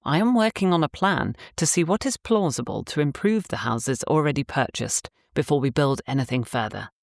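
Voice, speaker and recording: A woman voicing a courteous, roguish gentleman landowner in an audiobook, with polished speech. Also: sits low, lively intonation, moderate pace, creaky, dry recording, clean studio sound.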